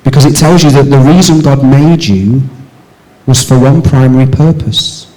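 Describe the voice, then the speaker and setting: Male pastor, church sermon, rhetorical questions, shifts between forceful and soft delivery. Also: moderate pace, poor audio. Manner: asks the congregation rhetorical questions; moves between raised emphatic lines and soft low passages.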